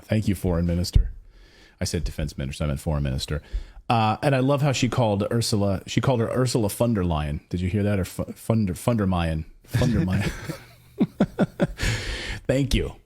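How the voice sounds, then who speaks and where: An American man hosts a political commentary show with a warm, mellow voice. His pitch swings widely as he mocks and jabs with sarcasm. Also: a little fast. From United States. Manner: sarcastic, animated, mocking. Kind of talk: opinion commentary.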